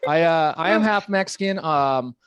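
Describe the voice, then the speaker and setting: A man's voice: fairly high pitch, a bit bright, lo-fi sound. A young man with a California accent doing stand-up comedy, often putting on the voices of people in his jokes. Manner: joking, acts out voices of people in his bits.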